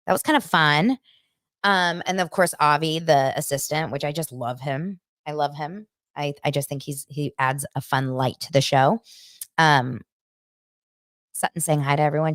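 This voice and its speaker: A chatty woman with a low voice hosts a casual recap podcast. She talks in an animated way and slips into quick imitations now and then. The sound is dry and close. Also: no echo. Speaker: podcast host recapping reality TV. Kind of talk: casual chat.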